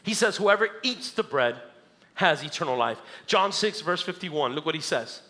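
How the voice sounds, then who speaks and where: A man preaching a sermon as pastor, animated, acting out the crowd and dropping low and soft for scripture. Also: normal speed. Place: church sanctuary.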